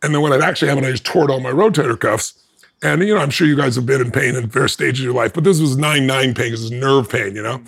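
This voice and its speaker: A male podcast guest relates a personal story in a lively way, pausing to laugh and voicing the lines other people said. He talks at a quick pace in a mid-range voice that's slightly rough, with vocal fry.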